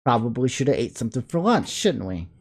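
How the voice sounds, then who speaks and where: A man's voice: medium pitch, very animated, fast talker, breathy edge. A young man reading a visual novel aloud for a let's play, breaking in with wry, joking asides. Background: soft game music.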